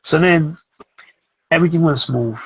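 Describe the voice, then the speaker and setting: A middle-aged man, a music producer and teacher talking as a guest in a casual interview, telling animated stories and acting out what others said. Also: a little high, moderate pace, slightly rough, muffled recording. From Brooklyn, New York. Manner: animated, acts out other people's lines as he tells a story.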